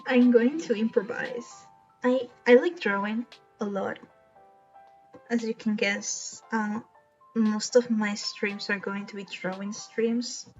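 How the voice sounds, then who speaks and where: A young woman streaming live, chatting earnestly and emotionally with small laughs and many restarts. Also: on the high side. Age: young adult. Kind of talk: casual live-stream chat. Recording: slightly dull lo-fi stream audio.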